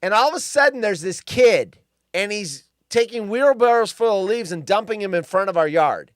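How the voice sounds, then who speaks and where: A man co-hosting a casual talk show, speaking bluntly and swearing freely, getting loud when he quotes himself. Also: sits high, lively intonation, normal speed, no echo, studio quality. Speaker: podcast co-host. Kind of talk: casual chat.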